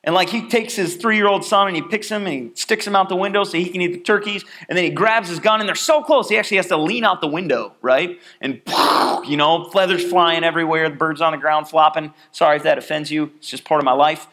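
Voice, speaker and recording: High, bright-voiced man preaching. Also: fast. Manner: animated, chatty storyteller acting out scenes. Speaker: pastor. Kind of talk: sermon with personal storytelling.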